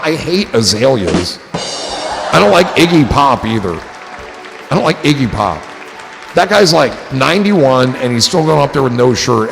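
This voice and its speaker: A man's voice: medium pitch, vocal fry, big-room sound. A man hosting a casual livestream, reading out chat comments and riffing on them in a rambling, joking, profane way. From New Jersey.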